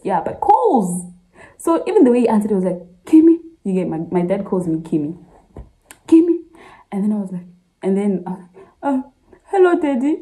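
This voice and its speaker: A woman's voice: mid-range voice, dark tone, poor audio. A young woman in her twenties vlogging casually, sharing an emotional personal story, talking straight to her viewers and laughing through tears. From Zambia. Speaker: medical student vlogger. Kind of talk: casual confessional vlog.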